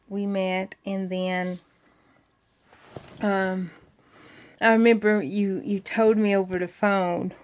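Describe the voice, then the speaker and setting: A young woman, telling a friend a long story in a casual, rambling way, full of fillers and acted-out quotes. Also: mid-range voice. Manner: rambling, many fillers, acts out quoted voices.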